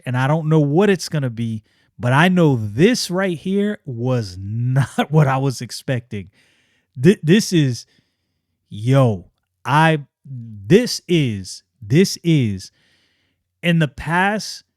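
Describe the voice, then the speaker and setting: A man hosting a casual comic book review, excitable and slangy, often restarting his sentences. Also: on the high side, no echo, studio quality.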